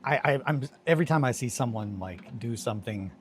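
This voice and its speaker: A young man streaming a casual chat, telling rambling stories with lots of swearing and sudden bursts of excitement. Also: medium pitch, a little fast, a little hiss or hum.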